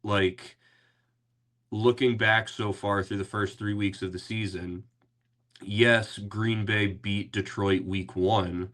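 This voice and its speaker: Hosting a casual sports podcast, this man rambles along with plenty of fillers and restarts. His voice is lowish and a bit bright.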